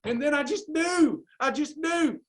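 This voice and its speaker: A man's voice: extremely high pitch, animated, measured pace. A man coaching a live weight loss class, urging listeners on in a fired-up, preacherly way. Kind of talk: live class pep talk.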